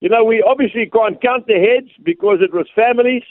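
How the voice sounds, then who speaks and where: A South African man, an evangelist, telling stories earnestly with many pauses and fillers over a phone line. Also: very high-pitched, dry recording. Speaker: guest evangelist.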